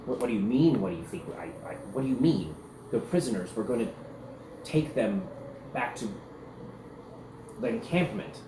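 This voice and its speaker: A man's voice: medium pitch, animated, moderate pace, long pauses, noisy background, natural voice. A blunt, practical female companion in a tabletop game, flustered and exasperated, stumbling over her words, as a man voices her in his own plain voice. A roomy space sits around the voice. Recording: roomy recording with faint ambience.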